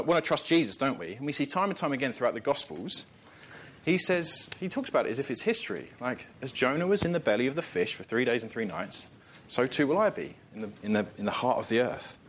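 A man's voice: medium pitch, fairly bright tone, slightly rough. A man preaching a sermon in a conversational way, joking and chuckling between points and asking the listeners rhetorical questions.

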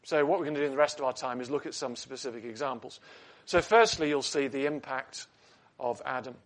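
A man's voice: medium pitch, fairly quick. A man preaching a sermon in an earnest teaching tone, asking rhetorical questions and adding light asides.

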